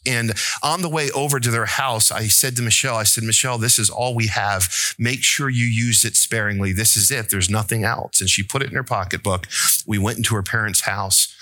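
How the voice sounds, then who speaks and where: A man delivers a sermon with a bright, ringing voice, recorded close and dry. He asks his listeners questions, mixes in jokes, and climbs to high, emphatic pleading. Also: no room sound. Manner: rises to an emphatic, pleading pitch. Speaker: pastor.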